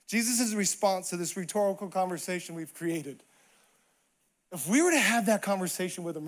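A man preaching a sermon in a repetitive cadence, dropping to hushed asides and rising to shouted emphatic peaks. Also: high-pitched, lively intonation, moderate pace. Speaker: pastor.

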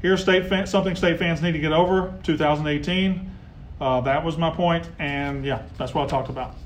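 A man hosting a casual live sports talk stream, heckling rivals and getting loud when riled. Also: on the high side, steady tone, moderate pace, a little hiss or hum. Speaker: sports show host.

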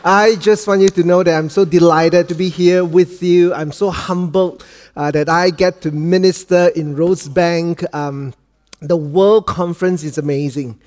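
A man's voice: fairly high pitch, steady tone, measured pace, darkish tone. A man with a Malaysian accent, a guest pastor opening his sermon in a chatty, joking way, often adding "okay?". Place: church auditorium. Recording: long hall reverb.

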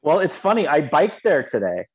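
Relaxed chatty man. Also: fairly high pitch, moderate pace, husky, low-quality recording. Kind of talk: casual podcast chat.

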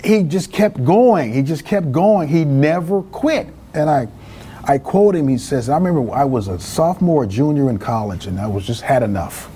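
A middle-aged man from California, telling a personal story as a guest in a casual interview, animated and acting out family members. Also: a little high, moderate pace, slightly rough. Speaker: guest, small business speaker.

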